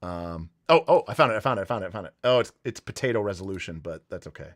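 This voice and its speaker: A man's voice: low voice, expressive, fast, no echo, clean studio sound. A man hosting a livestream, chatting casually and telling a story with lots of fillers and restarts. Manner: rambling, enthusiastic storytelling with many fillers. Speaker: livestream host.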